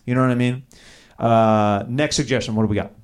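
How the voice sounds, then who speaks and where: A man's voice: medium pitch, fairly even intonation, brisk, a little mellow. A man doing improvised stand-up, riffing and teasing the audience on a comedy club stage. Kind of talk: improvised stand-up crowd work. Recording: live club with laughing crowd.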